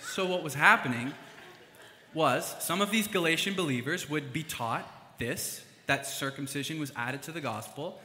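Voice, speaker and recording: Bright-voiced young preacher in a reverberant hall. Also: male voice, fairly high pitch, slight background noise. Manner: chatty and animated, with fillers and asides. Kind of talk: casual sermon. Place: church hall.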